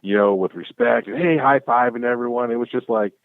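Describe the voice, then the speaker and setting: A man guest chatting casually, telling stories in an excitable way and acting out the back-and-forth. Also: medium pitch, brisk, dry recording. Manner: excitable, acts out quoted exchanges. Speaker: guest, clothing brand founder. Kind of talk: casual storytelling chat. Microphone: call audio. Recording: tinny phone-like call line.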